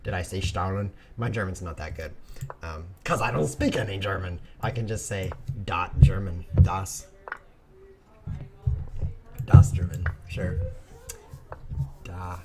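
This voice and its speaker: A man hosting a chess stream, chatting casually and joking through his moves, with sudden bursts and quiet mumbles. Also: deep voice, expressive, fairly quick, noisy background. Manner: playful, jokey, rambling asides. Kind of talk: casual live commentary while playing.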